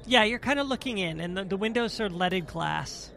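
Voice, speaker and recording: A woman narrating as game master of a tabletop game, unhurried and descriptive, with fillers. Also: mid-range voice, lively intonation, gravelly, a bit bright.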